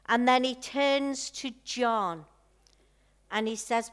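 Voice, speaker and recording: A woman preaching a sermon at an unhurried pace, letting her words settle in soft pauses. Her voice is smooth and clear, and she tells a personal story in a heartfelt way. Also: fairly high pitch.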